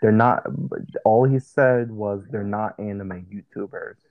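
In a low-ish, unhurried voice with lo-fi sound, a son chats casually with his mother while guiding her through documents. He explains things step by step and often restarts his sentences.

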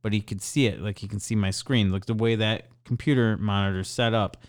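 Speaking fairly quickly in a lowish voice, a young adult man co-hosts a podcast and chats casually about something that happened at a store. He's lively, curses without restraint, and impersonates customers by raising his voice.

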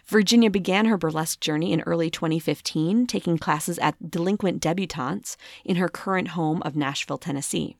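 A woman's voice: on the low side, a little fast, creaky, few pauses, dry recording, clean studio sound. A woman hosting a podcast in a casual monologue, chatty with many filler ums and playful asides. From United States. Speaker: podcast host.

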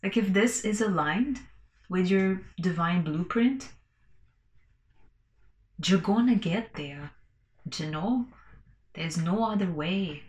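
A woman's voice: on the low side, lively intonation, slow, pauses often, a little mellow, echoey room. A woman hosting a casual solo podcast, rambling loosely, swearing freely and laughing between her thoughts. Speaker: podcast host.

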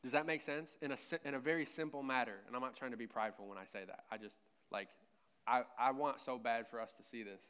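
A man's voice: mid-range voice, fast talker, a bit bright, clear, resonant tone. A man preaching a conversational sermon, with joking asides and a self-deprecating tone. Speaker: pastor.

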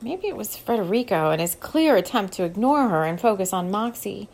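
A woman narrating an audiobook in a steady, measured way, her voice sitting at an ordinary middle pitch. The delivery is even and scripted, moving the story along plainly. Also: gravelly.

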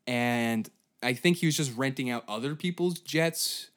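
A man's voice: mid-range voice, unhurried. A man hosting a comedy history podcast, telling the story in a crude, rambling way with sarcastic asides. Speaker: podcast host.

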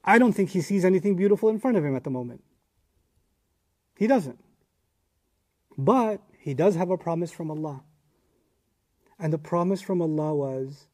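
A man with a slightly high voice delivers a Quran commentary lecture with deep earnestness. He leans into his points, sometimes dropping almost to a hush and sometimes pushing with real force. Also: moderate pace, long pauses. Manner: earnest, emphatic, swings from hushed to forceful. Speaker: Islamic teacher.

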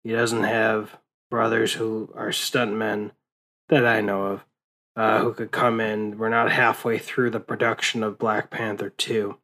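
Slow-talking, exhausted young man rambling. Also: fairly low pitch, flat delivery, bright, forceful tone, rough recording. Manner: rambling, profane, with many restarts and fillers. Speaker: vlogger. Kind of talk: casual late-night monologue.

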